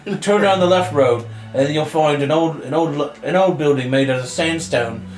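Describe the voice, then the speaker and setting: A man's voice: on the high side, moderate pace, darkish tone, roomy sound, faint music behind. A man running a tabletop game as game master, narrating loosely with lots of fillers and laughter. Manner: loose, rambling, laughs often.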